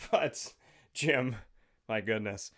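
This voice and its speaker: A man's voice: lowish voice, very slow, fairly bright tone. A man hosting a show, telling stories in a rambling, digressive, joking way into a studio microphone. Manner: rambling, digressive, jokey storytelling. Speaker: show host. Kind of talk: casual talk-show monologue.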